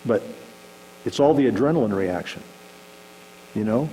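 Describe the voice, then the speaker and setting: Guy preaching in a church, chatty and animated, long hall echo and a faint hum behind. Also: mid-range voice, moderate pace, long pauses. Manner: conversational, animated, acts out shouting examples. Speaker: pastor. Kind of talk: sermon. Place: church sanctuary.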